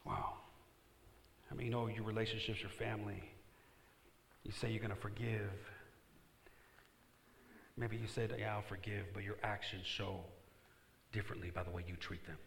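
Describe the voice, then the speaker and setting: A male pastor preaching a sermon, reading scripture and shifting between quiet asides and loud emphatic bursts, calling on the congregation to answer back. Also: lowish voice, fairly even intonation, normal speed, creaky, pauses often, echoey room, slight background noise. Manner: reads scripture aloud and calls on the congregation to respond.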